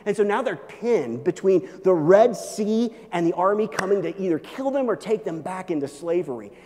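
A man preaching a sermon, animated, swinging between loud emphasis and hushed asides. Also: sits high, long reverb tail. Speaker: pastor.

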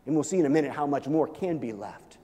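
A man's voice: fairly high pitch, lively intonation, quick pace, mellow, long reverb tail. A male pastor preaching an emphatic sermon, urging his listeners again and again to listen.

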